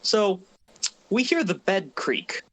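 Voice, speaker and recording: Young man, rambling storyteller, slightly raised pitch, casual podcast chat. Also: sing-song, slow pace, a bit bright, poor audio. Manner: rambling, laughing storyteller with frequent restarts. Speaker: mod developer and podcast host.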